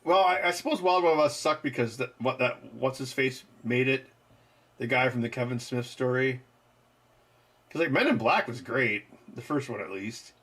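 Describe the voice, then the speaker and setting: A livestream host with a mid-range, slightly bright voice and a breathy edge chats casually with viewers, answering the live chat. He speaks at a normal speed in an animated way, rambling loosely and using lots of fillers.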